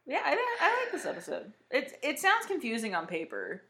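A woman's voice: sits high, huge pitch swings, moderate pace, pushed and bright. A young woman co-hosting a podcast in casual chat, candid and joking with frequent laughs. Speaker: podcast co-host.

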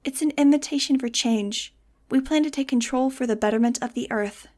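Sweet, hypnotic teen cult leader, higher and softly insistent, as a woman reader voices her. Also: a little fast, lightly acted. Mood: serene. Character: sweet-voiced teenage girl, serene cult organizer.

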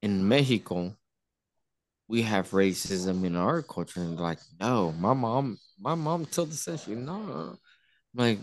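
A man's voice: fairly low pitch, expressive, normal speed, a little mellow, no echo. A man in casual podcast chat, often restarting his sentences while he searches for words.

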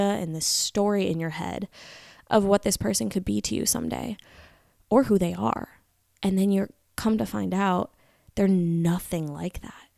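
A woman's voice: on the low side, gravelly, dry recording, studio quality. A young woman vlogging candidly to camera, earnest and reflective, sometimes dropping to a whisper. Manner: earnest, reflective, confessional, drifting into soft whispers. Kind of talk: candid personal talk to camera.

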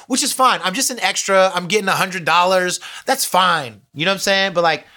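A man telling a comic story, animated and acting out each character's voice. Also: high-pitched, fairly quick. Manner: animated, acts out every character.

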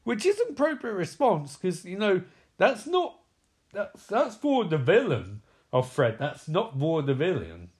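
A man's voice: high voice, very animated, measured pace, darkish tone, breathy edge. Sarcastic, swearing man recapping a film. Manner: sarcastic, profane, incredulous. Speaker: movie recap commentator. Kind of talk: comedic movie recap.

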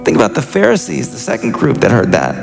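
A man's voice: mid-range voice, huge pitch swings, quick pace, creaky. A man in his thirties preaching a sermon as a senior pastor, earnest and impassioned, often restarting his sentences. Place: church sanctuary. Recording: reverberant church hall with faint music.

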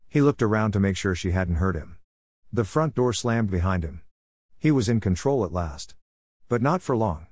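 A man narrating a short story in a steady, even reading voice, in a close, dry recording. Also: low voice, moderate pace, no echo.

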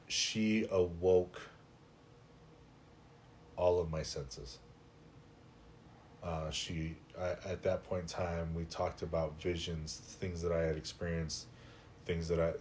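Man, middle-aged, slightly low voice, podcast guest, animated storytelling, casual filler words. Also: slight background noise. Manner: animated, conversational, heavy use of "like". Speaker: podcast guest, life coach. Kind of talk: personal storytelling in a podcast interview.

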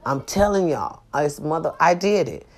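A woman's voice: low-pitched, expressive, normal speed. A middle-aged woman vlogging a casual, profane venting monologue, addressing her viewers emphatically.

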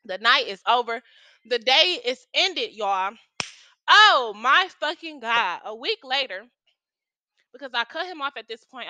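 Bright, foul-mouthed young woman telling a story. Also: high voice, dry recording. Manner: profane, slangy, animated storytelling. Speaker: storytime vlogger. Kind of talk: casual storytime chat.

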